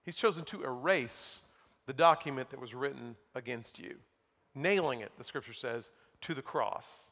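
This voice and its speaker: A man preaching a sermon from the pulpit, emphatic, dropping to quiet asides and mocking the other side. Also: mid-range voice, moderate pace. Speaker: pastor. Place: church sanctuary. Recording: long hall reverb.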